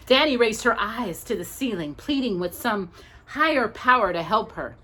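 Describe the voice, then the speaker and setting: A woman reading a storybook aloud as the storyteller, expressive and animated. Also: on the high side, moderate pace.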